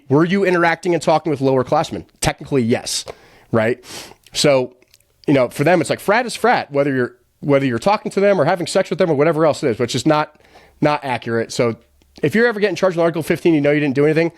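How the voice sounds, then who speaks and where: A young man telling his own story as a podcast guest, blunt and profane, with quick acted-out quotes. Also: a little high, expressive, no echo, studio quality. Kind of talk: candid storytelling.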